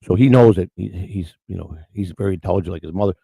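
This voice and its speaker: A low-pitched, husky, mellow voice with a creak belongs to an older man hosting a morning show. He talks quickly in casual chat, rambling through stories with many restarts and acted-out quotes, and there's no echo.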